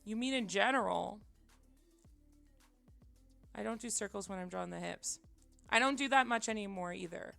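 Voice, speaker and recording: A woman livestreamer chatting casually while she draws, rambling and self-deprecating, often dropping to quiet mutters. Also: mid-range voice, moderate pace, creaky, pauses often, soft background music. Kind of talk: casual chat while drawing on stream.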